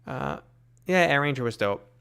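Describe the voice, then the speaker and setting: A man's voice: mid-range voice, animated, normal speed, gravelly, a bit bright, clean tone. A man from New York City with a New York accent, casually answering live chat questions, full of fillers and tangents. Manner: rambling, many fillers, reads chat aloud.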